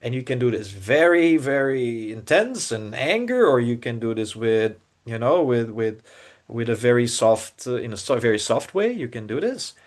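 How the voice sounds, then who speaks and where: Man co-hosting a podcast, earnest, halting restarts, middle pitch. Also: sing-song. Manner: earnest, searching, many restarts and repeated words. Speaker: podcast co-host. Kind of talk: reflective casual podcast talk.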